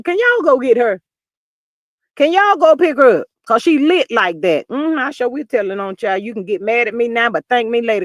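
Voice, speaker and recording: A man in his fifties hosting a livestream, chatting in an expressive way, reading viewer comments and often calling listeners "child". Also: sits high, dry recording, clean studio sound. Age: 50s. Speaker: livestream host.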